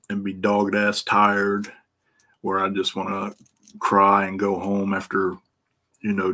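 A man's voice: low-pitched, sharp tone. A middle-aged man with a Midwestern American accent hosting a casual live stream, greeting viewers by name, swearing freely and laughing often. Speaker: livestream host and EFI tuner.

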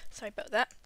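Slow rambling woman narrating her game. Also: bright, forceful tone, no room sound. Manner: rambling, easily distracted, breaks into humming. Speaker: game commentator. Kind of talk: casual game commentary while building.

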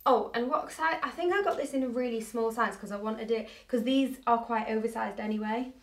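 A woman's voice: on the high side, brisk. A young woman chatting in a casual clothing try-on haul, bubbly and hyped up. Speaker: fashion vlogger. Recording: roomy echo, distant mic, faint noise.

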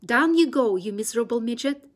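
A woman voicing a furious, scheming male farmer who shouts his threats in a storybook reading. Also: medium pitch, expressive, normal speed. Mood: angry, scheming.

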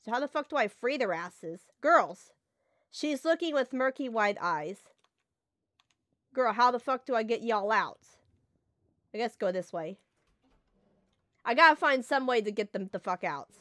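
A woman giving casual let's play commentary, excitable and swearing freely as she reacts. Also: on the high side, normal speed, long pauses, dry recording, clean studio sound. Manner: profane, excitable, reacts loudly. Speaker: gaming streamer.

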